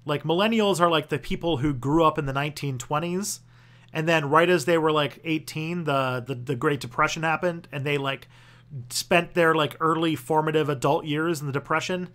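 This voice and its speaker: A young man hosting a loose livestream Q&A, his voice sitting a little higher than most men's. He talks in a rambling, halting way, circling back and restarting his sentences, peppering them with "like" and casual swearing. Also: a bit bright. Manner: loose and profane. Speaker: host answering viewer questions.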